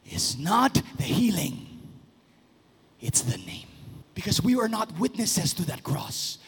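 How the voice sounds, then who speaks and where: High, gravelly preacher shouting. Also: male voice, wildly swooping pitch, slow pace. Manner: shouting, sing-song preaching with sudden soft drops. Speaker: pastor. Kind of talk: sermon. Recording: long reverb of a large hall.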